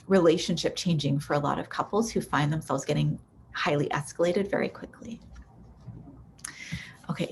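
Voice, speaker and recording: Low-voiced woman therapist teaching a workshop. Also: darkish tone, a little hiss or hum. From Canada. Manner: conversational, frequent "right?" and "um". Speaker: relationship therapist. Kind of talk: recorded workshop presentation.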